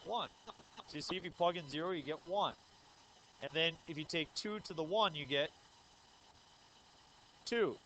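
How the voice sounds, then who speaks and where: Bright-voiced man teaching algebra. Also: a little high, normal speed, pauses often, slight background noise, low-quality recording. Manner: explains step by step, asks the class questions; says 'uh' and 'um' often. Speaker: math teacher. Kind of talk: recorded math lecture.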